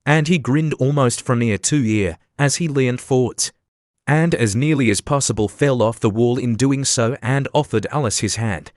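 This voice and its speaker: A man reading a classic story aloud as an audiobook narrator, steady and even. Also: medium pitch, normal speed, no room sound, studio quality. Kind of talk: scripted narration.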